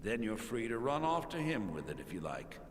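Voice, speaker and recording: A sly elf dealer. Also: male voice, mid-range voice, very animated, a little fast. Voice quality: wry, knowing. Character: sly smooth-talking male elf dealer. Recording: reverberant game audio with music.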